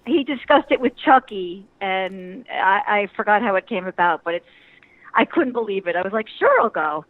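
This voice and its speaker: An older woman, a retired teacher, chatting warmly and emotionally as an interview guest, laughing often. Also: medium pitch, moderate pace, no echo. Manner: chatty, giggly, emotional and effusive. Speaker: interview guest, wrestler's mother. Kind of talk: casual interview chat. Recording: tinny phone-like line, dry.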